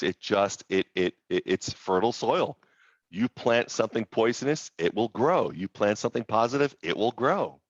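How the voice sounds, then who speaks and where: A man hosting a group coaching call, talking in an animated, motivational way over video call. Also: fairly low pitch, no echo, muffled recording. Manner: animated, motivational, quotes inner voices.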